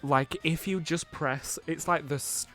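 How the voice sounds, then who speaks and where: A man's voice: fairly high pitch, steady tone, a little slow, a bit bright, soft background music. A man casually commentating a video game, rambling and chatty, with frequent laughs and filler words. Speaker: gameplay commentator. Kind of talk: casual let's play commentary.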